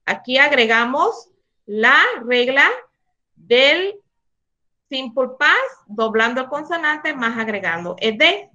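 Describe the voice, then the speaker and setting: A woman teacher, slowly explaining English grammar rules and switching into to clarify. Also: sits high, animated, pushed and bright. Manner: slow, deliberate, switches between English and Spanish explanations. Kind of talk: classroom grammar lesson. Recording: dull lo-fi recording.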